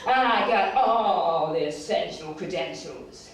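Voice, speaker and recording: A woman's voice: lowish voice, animated, slow pace, a little hiss or hum, voice pushed down. A woman putting on a bad fake Texan accent to play a swaggering male gangster-rapper president, rapping rhymes in a live poetry performance. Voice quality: boastful, rhythmic, rhyming swagger. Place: large echoey live arts venue. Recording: very echoey hall, distant mic.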